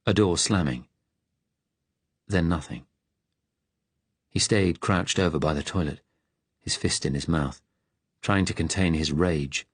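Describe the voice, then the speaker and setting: A man narrating an audiobook in a measured, even way. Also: deep voice, breathy edge, dry recording. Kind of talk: scripted narration.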